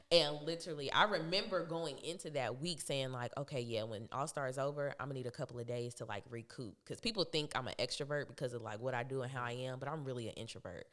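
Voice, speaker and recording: A young woman speaking as a podcast guest, telling a personal story in a casual, animated way, often laughing and acting out what others said. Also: a bass voice. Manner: animated, laughs often, acts out quoted voices.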